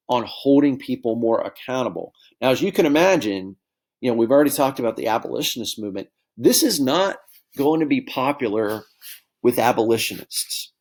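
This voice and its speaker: A man teaching a history lesson in a relaxed, conversational way, often checking in with his students. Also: mid-range voice. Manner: conversational, keeps addressing students as guys with frequent okay and right checks. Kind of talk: classroom lecture.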